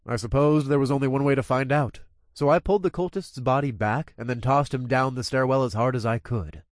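A man's voice: medium pitch, brisk, no room sound, clean studio sound. A man narrating a gritty first-person story with crude, coarse language.

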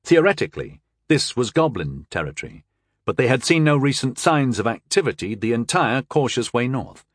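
A man narrating a fantasy audiobook in a measured storytelling style. His pitch moves in lively swings across each sentence. The recording is dry and close, with no room echo.

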